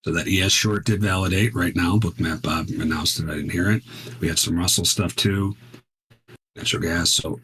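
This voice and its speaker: Here a man teaches futures trading during a live session, his low voice steady, fairly bright, and at a normal speed. He talks casually and with emphasis, often tossing in "right?". There's slight background noise.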